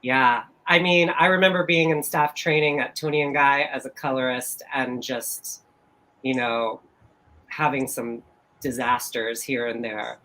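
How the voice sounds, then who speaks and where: An interview host and hair colorist who speaks slowly, gives brief reactions and reads out shout-outs to viewers. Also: mid-range voice, steady tone, low-quality recording. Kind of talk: livestream interview.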